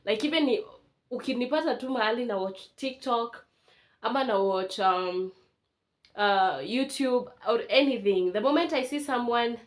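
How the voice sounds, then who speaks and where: A Kenyan woman in her twenties, chatting casually and emotionally as she unboxes things for a home vlog. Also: a little high. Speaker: vlogger. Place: indoors at home.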